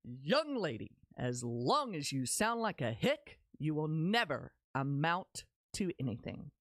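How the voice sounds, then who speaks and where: A woman's voice: low voice, big pitch swings, a little slow, no echo, clean studio sound, heavily acted. A woman voicing a tall, pompous male drama teacher with a prim, clipped, scolding delivery. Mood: scornful.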